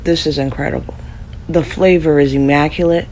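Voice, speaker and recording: A man's voice: on the high side, fairly even intonation, brisk, a little mellow, slight background noise, lightly acted, rough recording. A man voicing a refined food taster who savors every bite in an exaggerated, posh way. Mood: savoring.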